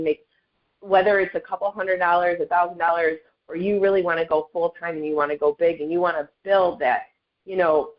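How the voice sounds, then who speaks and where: A middle-aged woman, speaking on a video call as a guest speaker on a network marketing call. She gives a chatty, upbeat motivational testimony and keeps addressing listeners as "you guys.". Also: on the low side. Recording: dull lo-fi call audio.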